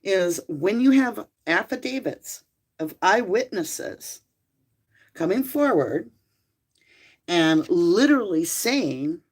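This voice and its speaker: A woman's voice: mid-range voice, sing-song, slow pace, husky. A woman hosting a livestream, reading a court ruling aloud from a room at home and breaking off to talk to her viewers by name. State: out of breath.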